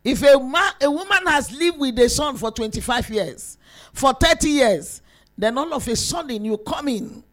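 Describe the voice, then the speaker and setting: A woman delivers a sermon to women in a high voice. She is emphatic and lively, swinging between soft asides and shouted peaks. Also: normal speed. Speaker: preacher.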